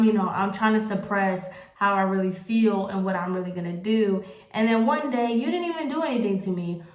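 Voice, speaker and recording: Young woman, casual confessional vlog chat, rambling, lots of "like", mid pitch, roomy echo. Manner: rambling, candid, heavy use of "like". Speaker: vlogger. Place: at home, getting ready on camera.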